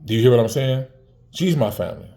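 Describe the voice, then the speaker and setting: A man's voice: mid-range voice, expressive, fast talker, mellow. A man in his forties talking casually to the camera, heated and profane, repeating words and restarting often. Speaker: vlogger.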